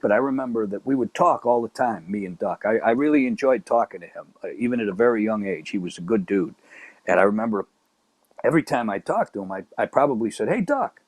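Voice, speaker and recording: Man, middle-aged, from Chicago's South Side, casual storyteller, animated, dead dry recording. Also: lowish voice, fast talker, no echo. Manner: animated, acts out quoted voices. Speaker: guest storyteller.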